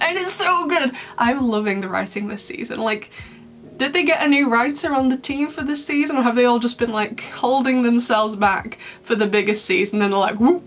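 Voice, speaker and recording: A woman's voice: on the high side, fairly bright tone, a little hiss or hum. A young woman chatting casually to camera, bubbly and rambling, laughing often. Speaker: YouTuber reviewing fan memes.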